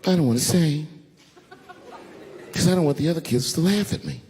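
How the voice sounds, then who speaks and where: A man doing a stand-up routine, telling stories with animated swings between voices. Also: fairly high pitch, a little fast, long pauses, long reverb tail. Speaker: stand-up comedian.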